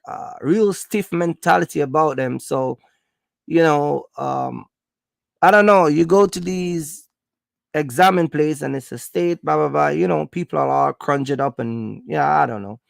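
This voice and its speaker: Gravelly Jamaican man telling a story. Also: sits high, no room sound, clean studio sound. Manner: rambling, filler-heavy, turns stern and warning. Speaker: livestreamer. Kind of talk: casual storytelling on a livestream. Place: at home.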